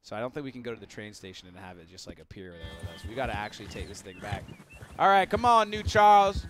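A young man commentating his game live for viewers, excitable and prone to yelling and laughing when things go wrong. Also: medium pitch, quick pace, music in the background. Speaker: gaming streamer.

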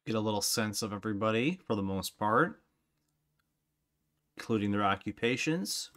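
A man's voice: on the low side, lively intonation, moderate pace, a bit bright, a little hiss or hum. A man hosting a reaction video, chatting casually and self-deprecatingly while he watches.

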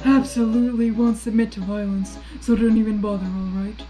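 A woman's voice: on the high side, level tone, a little fast, dark tone, soft background music, lightly acted, poor audio. A woman voicing a haughty, scornful adult male prisoner from a video game, prim and condescending as she reads his lines aloud. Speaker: game character read aloud.

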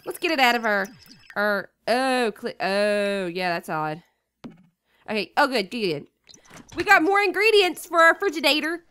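A young woman with the sniffles commentates a life-sim game, bossing and teasing the characters in an excitable, jokey way. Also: on the high side, moderate pace, clean tone. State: sniffly with a cold. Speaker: gaming YouTuber. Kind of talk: Let's Play commentary.

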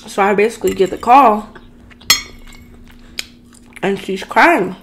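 Slow, gravelly woman telling a dramatic story. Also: mid-range voice, background noise. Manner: chatty, dramatic storyteller who addresses viewers directly. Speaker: food and storytime vlogger. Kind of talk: casual storytime rant.

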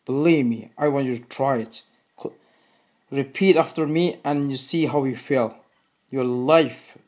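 A man with a Turkish accent, a native Turkish speaker, talking earnestly to the camera in a video, repeating his phrases slowly and deliberately. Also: a little high, a little mellow. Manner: earnest, repetitive, slow and deliberate. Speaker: video host. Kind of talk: religious appeal to camera.

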